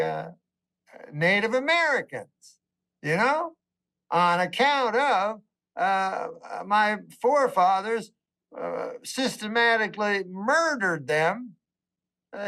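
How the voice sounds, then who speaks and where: A man telling a rambling comic monologue as a talk-show guest, deadpan and drawling, full of "you know" asides. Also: high voice, slow.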